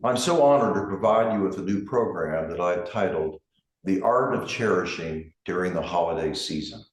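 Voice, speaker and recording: A middle-aged man, a grief counselor, giving a gentle, measured reflective talk with emphasis on key words. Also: sits low, expressive. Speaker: grief counselor and center director. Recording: roomy echo.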